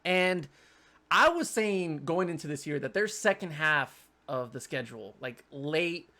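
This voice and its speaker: Animated, slightly high-voiced male podcast host. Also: measured pace. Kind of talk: casual sports podcast chat.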